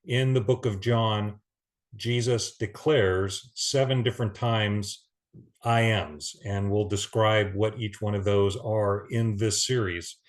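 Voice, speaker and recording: A man giving an earnest Bible teaching, reading scripture aloud with pauses and restarts. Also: on the low side, fairly even intonation.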